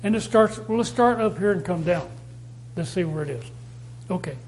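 A man preaching a sermon, reading scripture aloud and repeating key phrases slowly for stress. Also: high-pitched, animated, a little hiss or hum, rough recording. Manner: reads scripture aloud with rising emphasis.

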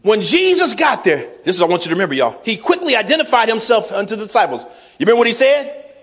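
A man preaching a sermon, folksy, calling the congregation y'all, swinging from soft asides to shouted emphasis. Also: high voice, big pitch swings, fast, breathy edge. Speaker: pastor.

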